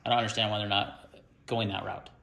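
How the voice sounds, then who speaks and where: A man's voice: on the low side, level tone, fast talker, vocal fry, pushed and bright. A man hosting an unboxing video, talking casually and ranting in frustration about the gear.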